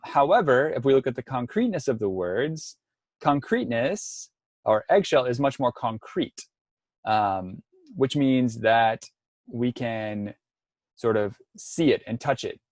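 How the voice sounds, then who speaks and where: A man's voice: medium pitch, dry recording, clean studio sound. A man presenting an online workshop, explaining step by step with frequent ums and restarts over a video call. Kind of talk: online lecture.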